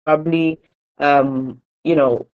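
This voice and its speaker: On a morning radio show, a host with a Nigerian English accent reads and discusses newspaper headlines, using frequent fillers and correcting himself. His voice is medium-pitched and steady, he takes it slowly, and the recording sounds muffled.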